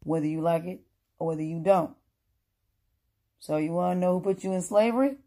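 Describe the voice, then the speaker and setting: A woman's voice: on the low side, fairly quick, warm tone. A woman giving an emphatic, repetitive opinion monologue, lecturing her listeners in casual speech.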